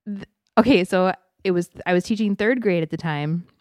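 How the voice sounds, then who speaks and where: A woman in her thirties, co-hosting a podcast in casual chat, an animated storyteller who laughs often. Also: lowish voice, normal speed, dry recording, clean studio sound. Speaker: podcast co-host.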